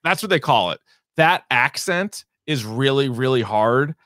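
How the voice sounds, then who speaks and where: A man's voice: mid-range voice, animated, unhurried, a bit bright, no room sound, clean studio sound. A man co-hosting a podcast, rambling through entertainment news in casual chat and swearing now and then. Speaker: podcast co-host.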